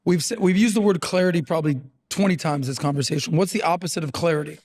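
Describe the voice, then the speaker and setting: High-pitched animated man. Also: fast. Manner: animated, blunt, swears freely, lots of fillers. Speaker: podcast guest. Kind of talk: casual podcast conversation.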